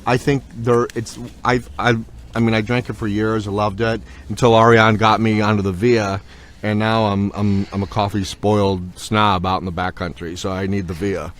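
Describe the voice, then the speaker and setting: A man's voice: on the low side, level tone, moderate pace. A man co-hosting a casual product review, laid-back and rambling. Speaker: co-host.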